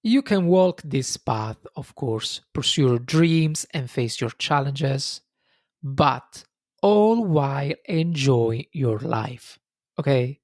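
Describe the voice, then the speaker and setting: Guy doing a solo podcast, slow and thoughtful, dry close sound. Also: medium pitch, animated, darkish tone, no echo. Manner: reflective, frequent fillers and restarts. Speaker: podcast host.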